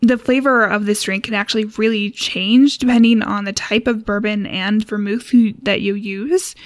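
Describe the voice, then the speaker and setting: A young woman co-hosting a casual cocktail podcast, explaining a recipe in a relaxed way with frequent laughs and fillers. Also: mid-range voice, moderate pace, no room sound. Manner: relaxed, giggly, lots of fillers. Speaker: co-host.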